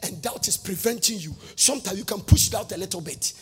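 A pastor preaches a sermon in a high, fast, slightly rough voice, using a sing-song cadence packed with questions to the congregation. Long hall reverb and faint music fill the recording.

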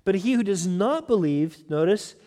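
Male pastor, emphatic sermon delivery, slightly high voice, long church-hall reverb. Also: lively intonation, moderate pace, mellow. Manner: emphatic, repeats words when restarting.

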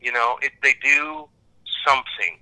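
Bright-voiced American man, rambling. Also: medium pitch, measured pace, rough recording. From Kansas, United States. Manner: rambling, animated, self-deprecating. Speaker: actor guest. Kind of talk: casual interview chat.

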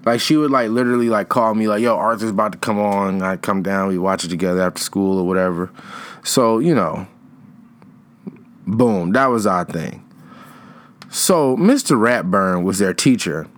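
A man's voice: sits low, lively intonation, normal speed. A young man chatting casually in a rambling, slangy way, trailing off and restarting his thoughts. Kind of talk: casual chat.

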